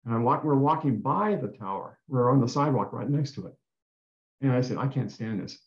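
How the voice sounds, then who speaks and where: A man with a mid-range voice and lively intonation talks fairly quickly as a guest speaker, earnestly sharing a personal story. He tends to repeat himself and restart phrases. The talk was recorded in a dull, roomy space.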